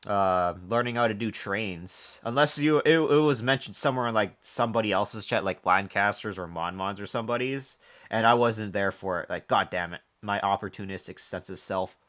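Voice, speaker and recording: A man's voice: fairly low pitch, normal speed, a bit bright. A man live-streaming, chatting casually with viewers, joking, swearing and often restarting his sentences. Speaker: livestreamer reading chat.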